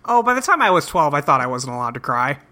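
A man's voice: on the high side, very animated, fast talker, pushed and bright, a little hiss or hum. A man co-hosting a podcast in casual chat, dry and laconic. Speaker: podcast co-host.

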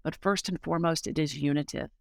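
A woman's voice: low voice, steady tone, fast talker, vocal fry, no room sound, studio quality. A middle-aged woman speaking as a guest, telling a personal story in an earnest, heartfelt way with frequent fillers. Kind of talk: casual conversational testimony.

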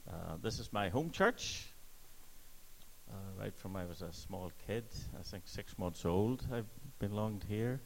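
A man's voice: on the low side, animated, measured pace, vocal fry, slight background noise. An older man with a Northern Irish accent, chatting good-humouredly as a guest on a church panel. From Northern Ireland. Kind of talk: casual panel chat. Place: church hall. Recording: long reverb of a hall.

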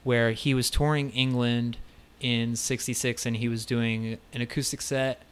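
A man's voice: medium pitch, level tone, normal speed, smooth. A man co-hosting a casual podcast, talking enthusiastically about favorite records, swearing freely. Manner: enthusiastic, profane, storytelling. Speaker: podcast co-host.

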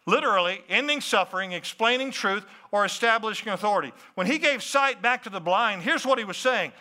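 A pastor preaching a sermon, animated, asking the congregation questions and adding asides. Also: male voice, high-pitched, fairly quick, few pauses.

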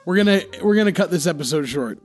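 Charleston guy hosting a podcast, jokey, keeps things moving, slightly higher voice. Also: animated, quick pace, soft background music. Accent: Charleston Southern. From Charleston, South Carolina. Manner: joking, wrangling the show along. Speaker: podcast host. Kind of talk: casual chat.

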